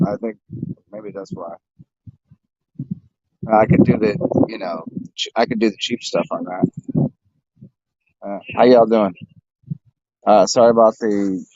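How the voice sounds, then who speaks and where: A man with a lowish voice streams from a phone outdoors, rambling to his viewers with plenty of fillers and false starts. The sound is dull and a bit muffled, yet close and dry, with no room echo. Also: vocal fry, a little mellow. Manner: rambling, halting, with many fillers and restarts. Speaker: vlogger. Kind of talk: casual livestream chat. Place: outdoors, in a windy city park.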